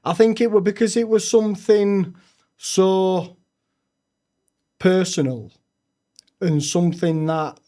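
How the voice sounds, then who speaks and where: A young man, a podcast guest telling his own story frankly, with halting restarts. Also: sits high, fairly even intonation, dark tone. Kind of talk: candid personal storytelling.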